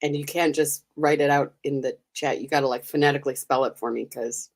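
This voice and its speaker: A woman's voice: low-pitched, fairly even intonation, a little fast. An American woman hosting a live stream, chatting casually with viewers, giggling and teasing them. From United States. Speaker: livestream host.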